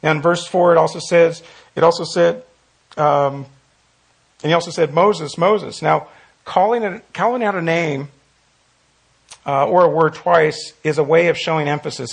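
Gravelly-voiced man teaching Bible study. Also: a little high. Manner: earnest, repeats phrases for emphasis. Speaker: pastor leading Bible study.

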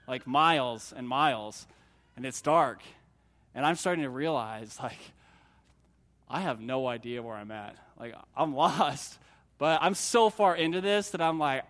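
A middle-aged man, a pastor, preaching a sermon in a conversational storytelling way with self-deprecating humor, swinging between loud emphasis and hushed moments. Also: fairly high pitch. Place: church sanctuary.

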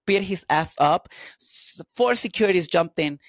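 A woman telling candid personal stories as an interview guest, lively and quick to act out the dialogue. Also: lowish voice, dry recording. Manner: animated, acts out dialogue in quotes.

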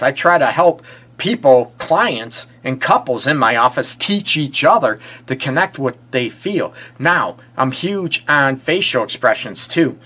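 A man's voice: medium pitch, pushed and bright. A middle-aged man, a relationship therapist, giving earnest advice on a live stream and asking rhetorical questions. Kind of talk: casual advice talk to a live audience.

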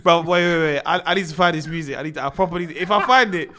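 Bright-voiced man, animated storyteller. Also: fairly high pitch, very fast, a little hiss or hum. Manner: animated storyteller, laughs often, slangy. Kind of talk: casual chat.

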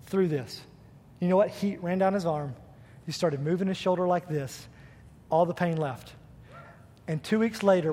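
A fervent man preaching a sermon, his voice pitched high for a man. It rings out through a church with a long hall echo. He pushes from steady teaching up into shouts of praise. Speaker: youth pastor. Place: church sanctuary.

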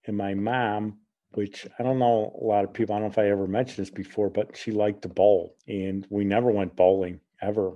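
A man's voice: lowish voice, fairly quick, dull audio. Chatty radio host in his sixties. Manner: chatty, lively when amused. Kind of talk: casual storytelling.

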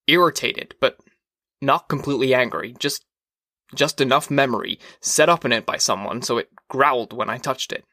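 A man voicing an uneasy, brooding fireman in an audiobook reading, hesitant and quiet. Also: medium pitch, normal speed, dry recording, clean studio sound.

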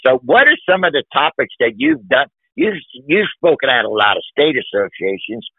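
This podcast host has a fairly high, sing-song voice that's creaky and a bit rough, moving at a moderate pace. He gushes with emphasis in a conversational interview, heaping praise on the people he brings up. The recording is dry and narrow-band, like a phone line.

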